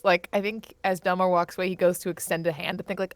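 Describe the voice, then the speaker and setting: A woman's voice: lowish voice, fast talker, few pauses, no echo. A woman playing in a tabletop game, chatting casually and laughing often. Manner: giggly, lively. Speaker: player.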